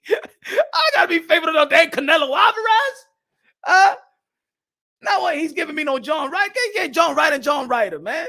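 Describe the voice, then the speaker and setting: A man's voice: very high-pitched, gravelly, pushed and bright. A man hosting a boxing commentary show, ranting in a heated, profane and mocking way, often breaking into laughter. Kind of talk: opinionated rant to camera.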